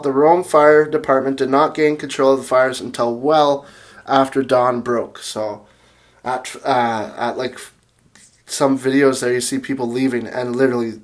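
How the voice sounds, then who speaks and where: A young music channel host with a medium-pitched voice retells a chaotic story in a casual video. He's rambling and excitable, full of restarts and fillers, and reads quotes from his notes.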